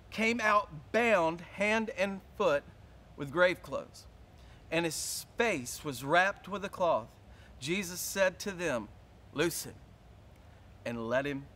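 High-pitched preacher, hushed to shouting. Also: male voice, expressive. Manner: swings from quiet, slow intensity to loud shouting; repeats words and stumbles into restarts. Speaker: pastor. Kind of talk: sermon.

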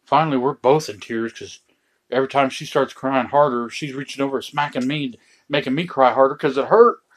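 A middle-aged man telling true stories from home in a casual chat, with dry, deadpan joking asides. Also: mid-range voice, fairly quick.

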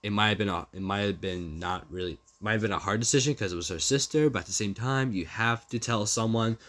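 Rambling young man, bright voice. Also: on the low side, brisk. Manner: rambling and repetitive, with hesitant restarts. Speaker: vlogger. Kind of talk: casual commentary reading out text messages.

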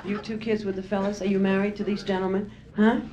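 A woman's voice: mid-range voice, flat delivery, quick pace, dark tone, dull audio. A middle-aged woman doing a brassy, teasing stand-up routine, chatting with her audience. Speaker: stand-up comedian. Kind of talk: live bawdy stand-up routine. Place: nightclub stage with a laughing crowd. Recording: roomy live club recording, audience laughter.

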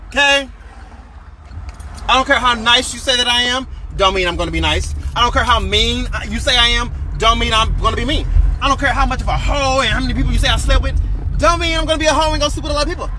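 A man's voice: very high voice, fast talker, pushed and bright. A man venting in an angry, profane rant, repeating lines for emphasis. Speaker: vlogger. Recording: noisy outdoor street recording.

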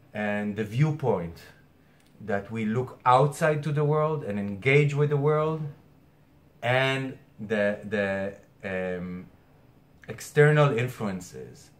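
A man astrologer speaking earnestly to camera, hesitating and restarting often, with something caught in his throat. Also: lowish voice. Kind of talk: weekly spiritual message to camera.

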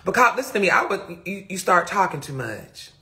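A man's voice: high-pitched, sing-song, brisk, pushed and bright. A young man hosting a live stream, talking in a casual, rambling way that often trails off into mutters and questions himself. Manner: reflective, self-questioning. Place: indoors, streaming from a phone. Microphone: phone mic.

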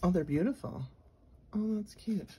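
A woman vlogger narrating a casual unboxing at her desk, chatty and gushing, murmuring asides softly. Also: mid-range voice, moderate pace, a little hiss or hum. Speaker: nail art vlogger. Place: home nail studio desk.

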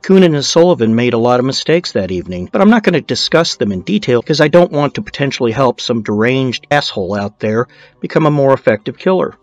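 A man's voice: mid-range voice, expressive, quick pace, darkish tone, no room sound, faint music behind. A man narrating a true-crime documentary in a casual storytelling way, dropping in blunt, swearing asides.

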